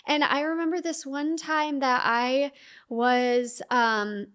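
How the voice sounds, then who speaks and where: A young woman telling her personal story as a podcast guest, talking fast with many fillers and acting out her past self's inner voice. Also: sits high, pushed and bright.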